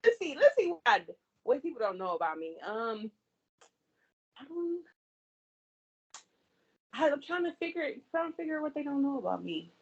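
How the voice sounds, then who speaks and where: A woman's voice: high-pitched, big pitch swings, moderate pace, long pauses, muffled recording. A woman chatting as a guest on a casual show, reacting with teasing comments and frequent laughter. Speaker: podcast guest, old college friend. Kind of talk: casual chat.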